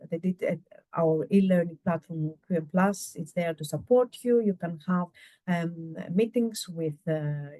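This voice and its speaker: A woman giving an informational webinar presentation about a university program, speaking in a halting way as she searches for words, over a video call microphone. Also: fairly low pitch, darkish tone, no room sound.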